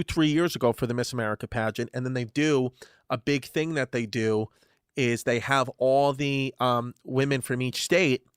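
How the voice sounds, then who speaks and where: A man co-hosting a podcast, telling crude stories with loud quoted voices. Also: medium pitch, clean tone, dry recording, clean studio sound. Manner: crude, animated storyteller, shouts quoted voices. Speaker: podcast co-host. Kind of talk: casual chat.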